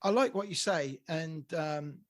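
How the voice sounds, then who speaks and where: A man's voice: a little high, measured pace, no room sound. Enthusiastic male podcast co-host. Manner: friendly, enthusiastic questioner. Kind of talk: casual interview chat.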